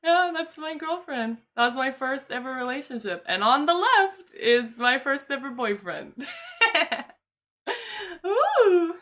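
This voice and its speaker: A woman's voice: high voice, lively intonation, moderate pace, few pauses, sharp tone. A young woman livestreaming, talking candidly and casually, laughing often and swearing freely.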